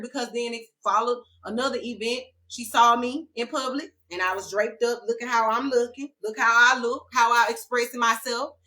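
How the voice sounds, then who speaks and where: A woman's voice: fairly high pitch, sharp tone. A woman telling a personal story in a casual, emphatic vlog and addressing viewers as y'all. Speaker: vlogger.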